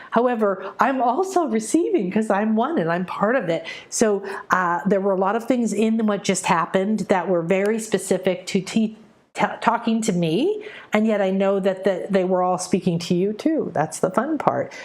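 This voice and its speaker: Middle-aged woman of mid pitch hosting a spiritual livestream; chatty, animated, with sudden excited rushes. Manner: animated, breaks into quick excited bursts and soft slow stretches. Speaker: spiritual teacher hosting a live session. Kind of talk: casual live-stream talk to viewers.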